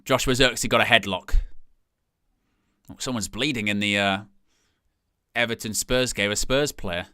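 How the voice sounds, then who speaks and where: A young man giving live fan commentary on a football match, in a bright, crisp, smooth voice recorded dry and close. He rambles in quiet casual asides, then bursts into loud, high shouts when a chance comes. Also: steady tone, moderate pace, long pauses, no echo. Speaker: fan watch-along host.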